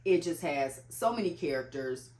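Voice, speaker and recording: A young woman with a low voice chats about books in a loose, rambling way, filling her talk with "like." The room around her is echoey, so her voice bounces a little. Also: lively intonation, moderate pace, a little mellow. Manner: chatty, full of "like" fillers. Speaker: book vlogger. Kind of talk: casual chat.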